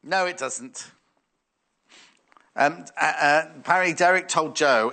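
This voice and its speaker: Lively-voiced man selling fabric. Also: fairly high pitch, measured pace, gravelly, long pauses. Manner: chatty, musing aloud, reading viewer messages. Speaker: shopping channel presenter. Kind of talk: live sales demonstration.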